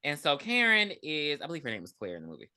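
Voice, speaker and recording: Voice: mid-range voice, fast talker, smooth. A podcast co-host recapping a movie in casual chat, telling the story with lots of profanity and acting out the characters. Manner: profane, animated storyteller who acts out characters.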